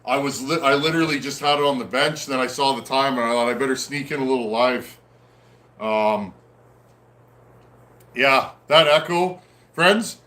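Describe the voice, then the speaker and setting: A man hosting a casual livestream, reading out viewer comments and chatting in a friendly, easygoing way with frequent pauses. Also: mid-range voice, bright, forceful tone. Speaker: host of a livestream on chainsaw repair. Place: at home in a snowy area.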